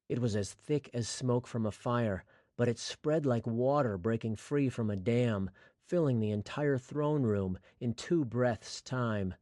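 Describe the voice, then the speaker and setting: A man narrating a fantasy audiobook in a steady, scripted storytelling voice. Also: medium pitch, no echo, clean studio sound.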